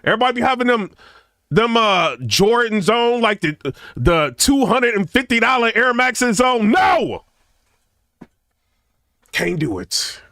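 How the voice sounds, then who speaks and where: A middle-aged man gives casual reaction commentary. His voice sits high and swings widely in pitch, with a bright, sharp edge. The recording is dry and close. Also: normal speed, dry recording. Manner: animated, chatty, repeats "you know what I'm saying".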